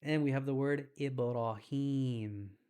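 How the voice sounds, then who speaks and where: A young adult man giving a casual Arabic lesson, relaxed and slangy, stretching out sounds slowly to demonstrate pronunciation. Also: medium pitch, clear, resonant tone. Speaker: Arabic teacher.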